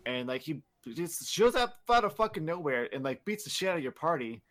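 Guy on a podcast rambling thru a recap, swears a lot, kinda high voice. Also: very animated, a little fast, fairly bright tone. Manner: rambling, profane recap full of filler words. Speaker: podcast host. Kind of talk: casual chat.

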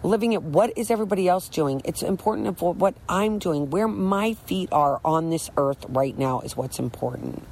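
A woman's voice: fairly low pitch, expressive, moderate pace, few pauses, darkish tone, a little hiss or hum, low-quality recording. A middle-aged woman talking candidly about her recovery from drinking, earnest and rambling, often restarting her sentences. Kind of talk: candid personal monologue.

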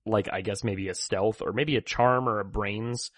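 A man's voice: lowish voice, fairly even intonation, moderate pace, no room sound, clean studio sound. A man playing a tabletop role-playing game, teasing and joking with the others. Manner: playful, teasing, laughing. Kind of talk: in-character tabletop banter.

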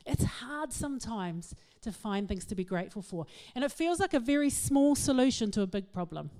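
A middle-aged woman, giving a humorous, self-mocking talk to an audience in an animated storytelling manner. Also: on the high side, normal speed. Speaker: speaker.

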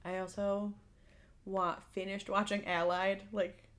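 A woman co-hosting a podcast, chatting casually about movies with lots of fillers and quick retellings. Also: medium pitch, level tone, a bit bright. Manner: chatty, lots of "like", acts out quotes. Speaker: podcast co-host. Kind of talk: casual chat.

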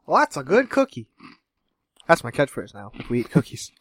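A man's voice: mid-range voice, huge pitch swings, moderate pace, long pauses, a bit bright, dry recording, studio quality. Giggly, jokey male podcast co-host. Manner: jokey and giggly, rambling asides. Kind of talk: casual chat.

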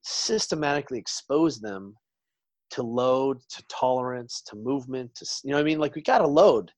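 A man's voice: medium pitch, lively intonation, normal speed, a little mellow, dry recording. Male guest, forties, medium voice, meandering storyteller, dry close mic. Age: 40s. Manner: rambling storyteller, trails off and restarts. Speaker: podcast guest. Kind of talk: casual interview chat.

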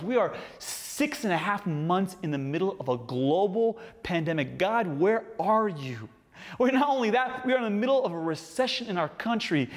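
A man, a pastor preaching a sermon with animated delivery and playful asides. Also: sits high, long reverb tail.

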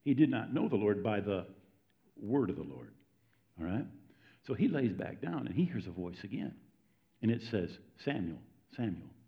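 A man's voice: on the low side, sing-song, normal speed, pauses often. A man preaching a sermon in a conversational, storytelling way, often checking in with his listeners. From United States. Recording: dull lo-fi recording.

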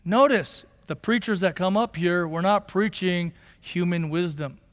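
Male pastor, high-pitched voice, passionate sermon delivery, long church reverb. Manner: impassioned preaching, rising to shouts then dropping low and slow. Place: church sanctuary. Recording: long hall reverb of a sanctuary.

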